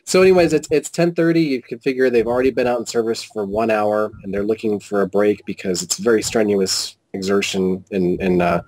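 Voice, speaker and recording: A man telling a personal story as an interview guest, animated and quoting whole conversations with frequent restarts. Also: on the low side, a little fast, hardly any pauses, low-quality recording. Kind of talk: casual storytelling.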